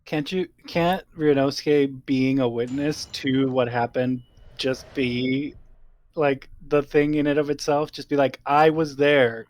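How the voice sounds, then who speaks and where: A man's voice: medium pitch, fairly even intonation, measured pace, darkish tone. A man casually commenting on a game while streaming, joking and laughing often. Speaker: let's play streamer.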